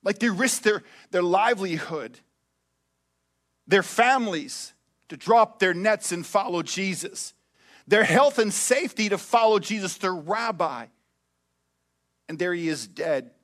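A man preaching a sermon as pastor, animated, swinging between loud emphatic lines and hushed quiet ones. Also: sits high, a little slow, long pauses.

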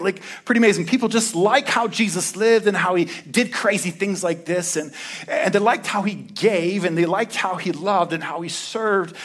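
A man preaching a casual sermon as pastor, talking in a laid-back, slangy way with lively storytelling. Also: high voice, breathy edge.

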